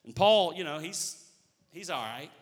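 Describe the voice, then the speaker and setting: A man's voice: a little high, lively intonation, a little slow, big-room sound. A man in his thirties preaching a sermon as a church pastor, emphatic and repeating key phrases. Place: church sanctuary.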